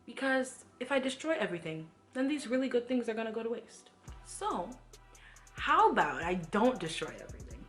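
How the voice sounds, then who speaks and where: A woman's voice: a little high, big pitch swings, moderate pace, a bit bright, faint music behind, voice pushed up. A woman voicing a boastful male king who breezily justifies himself, in a Bible read-along. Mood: cocky. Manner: breezy, cocky, talking over instructions.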